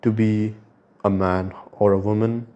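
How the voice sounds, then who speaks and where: A man's voice: fairly low pitch, flat delivery, unhurried, warm tone, muffled recording. A young man hosting a podcast, talking in a reflective, rambling monologue and swearing casually. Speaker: podcast host.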